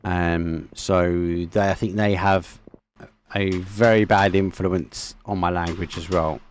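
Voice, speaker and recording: A low-voiced Essex man from England casts a live esports match, taking it slowly with fairly even intonation. He chats casually with viewers between commentary, over slight background noise.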